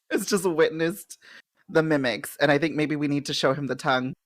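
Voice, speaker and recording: A woman's voice: sits low, moderate pace, no echo, clean studio sound. A woman playing a tabletop game, chatting casually and laughing between her words. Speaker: player.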